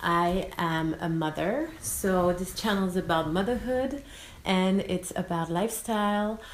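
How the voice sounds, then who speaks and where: A woman's voice: on the low side, measured pace, echoey room, a little hiss or hum, low-quality recording. A woman in her thirties from France with a French accent, chatting expressively to her vlog audience as a mother. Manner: expressive, sprinkles in French words. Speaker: vlogger. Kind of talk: casual vlog talk.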